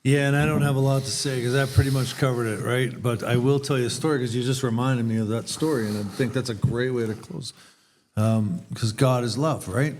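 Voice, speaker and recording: A man's voice: mid-range voice, a little fast, crowd noise. A man co-hosting a recovery podcast, telling a personal story in an earnest, casual way and acting out the people he quotes. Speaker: podcast co-host.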